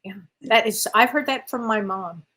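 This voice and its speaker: A woman's voice: on the high side, normal speed. A woman guest in a casual spiritual chat, telling stories eagerly and affirming often. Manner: animated storyteller, eager affirmations.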